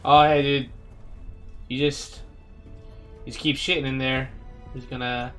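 A man's voice: medium pitch, steady tone, a little slow, pauses often, bright, forceful tone, soft background music. A man hosting a casual let's-play, joking and talking to the characters on screen as he plays. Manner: playful, jokey, talks to game characters. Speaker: gaming video host.

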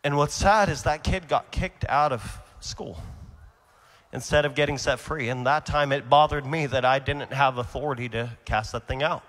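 A man preaching a sermon at a conference, telling stories with a voice that swings from quiet to shouting. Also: mid-range voice, normal speed, long reverb tail.

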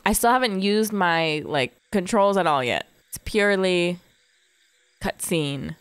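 A woman's voice: on the low side, very animated, brisk, no echo. A young woman hosting a cozy gaming channel, chatting bubbly and gushing as she plays. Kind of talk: casual let's play commentary.

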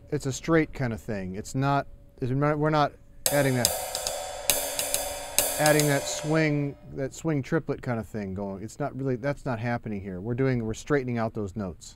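Relaxed male drum teacher. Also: mid-range voice. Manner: relaxed, explanatory, frequent fillers. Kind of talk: instructional talk to camera.

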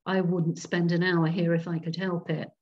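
A woman's voice: on the low side, flat delivery, moderate pace, a little mellow, lightly acted. A woman doing a shaken Englishman. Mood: sober. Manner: urgent, appalled. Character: shaken earnest Englishman, adult male. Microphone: video call. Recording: dull video call audio.

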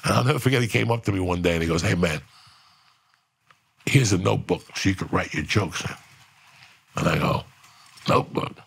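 A man's voice: deep voice, brisk, creaky, long pauses, a bit bright, slightly rough. A middle-aged man telling a profane prison story on a podcast, acting out quotes as he goes. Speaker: podcast guest.

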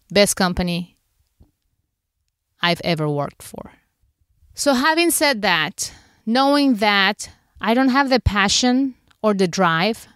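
A woman's voice: mid-range voice, fairly bright tone, no room sound, clean studio sound. A woman podcast host candidly retelling an emotional personal story, acting out her own inner thoughts as she goes.

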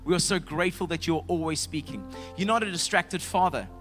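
Man, pastor, sermon, dynamic delivery, slightly high voice, faint music behind. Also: fairly quick. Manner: dynamic, swings from loud shouts to soft hushed tones. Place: church.

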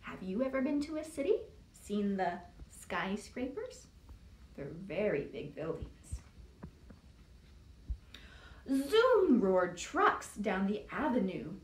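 A woman's voice: medium pitch, very animated, slow pace, pauses often. A woman librarian reading a picture book aloud to young children in a sing-song storytime style, putting on voices. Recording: echoey room, distant mic.

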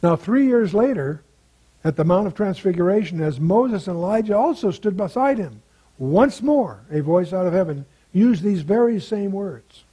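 A man's voice: high-pitched, lively intonation, moderate pace, mellow, husky, low-quality recording. An older man teaching through a Bible passage verse by verse, conversational and asking his listeners rhetorical questions.

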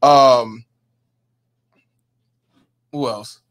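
A man's voice: mid-range voice, fairly even intonation, drawn-out words, a bit bright. A man hosting a casual livestream, reading viewer comments aloud and emphatically agreeing with them. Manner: emphatic, repeats "hundred percent", reads chat names. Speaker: livestream host.

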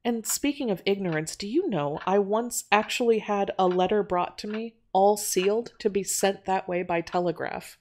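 A woman voicing a brisk, sardonic young telegraph operator with a wry, slightly exasperated manner, in an audio drama reading. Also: mid-range voice, slight background noise, natural voice.

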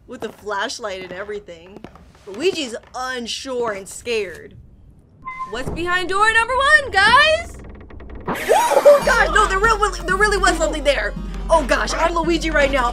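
A young woman hosting a casual reaction video, animated and giggly, talking straight to her viewers. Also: very high voice, a little slow. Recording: music playing underneath.

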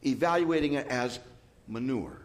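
A man preaching a sermon as pastor, lively and joking with asides. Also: medium pitch, moderate pace. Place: church.

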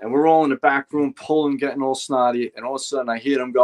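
An older man with a New York accent telling animated, profane stories of his firefighting days, acting out what others said. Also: medium pitch, fast. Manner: profane, animated anecdotes with acted-out quotes. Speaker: guest, retired fire lieutenant. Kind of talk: casual storytelling chat.

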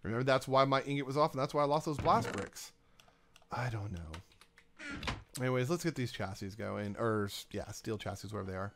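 Male let's-play host, mid-pitched, talks to himself while building, keyboard clicks behind. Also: brisk, vocal fry, background noise. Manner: talks to himself and game items, rambling. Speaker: gaming YouTuber. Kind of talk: casual let's-play commentary.

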